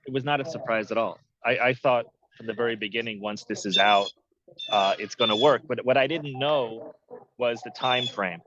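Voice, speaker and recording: A man's voice: medium pitch, moderate pace, a bit bright. A man, a film producer, giving candid interview answers with dry jokes. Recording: dull, muffled audio.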